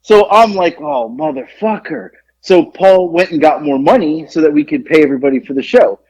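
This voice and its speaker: Fairly quick and expressive, this podcast co-host's fairly high, slightly mellow voice carries a long, profane, rambling story full of restarts. It's casual storytelling chat from a Georgia home studio, with dull, dry, lo-fi sound.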